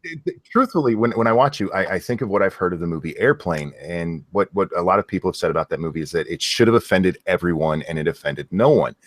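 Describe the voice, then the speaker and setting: Male podcast host, low voice, halting stammering delivery, dry close sound. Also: animated, dry recording. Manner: halting, stammering restarts, easy laughter. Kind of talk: casual podcast banter.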